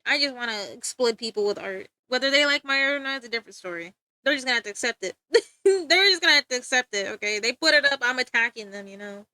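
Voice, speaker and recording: A woman's voice: on the high side, sharp tone, dry recording. A young woman streaming live while drawing, chatting playfully with viewers and giggling often. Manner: giggly, playful, rambling, talks to chat.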